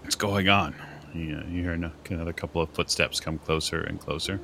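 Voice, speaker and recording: A deep, gravelly man narrates a tabletop horror game as its game master. His tone is bright and forceful, and his delivery stays calm and matter-of-fact as he describes events and asks for rolls. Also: fast talker, slight background noise.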